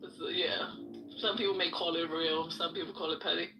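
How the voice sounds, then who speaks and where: Bright-voiced New woman, echoey room. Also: on the low side, fairly even intonation, a little fast, faint music behind. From New York. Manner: laughing, teasing, playful. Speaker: show co-host. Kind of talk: casual banter.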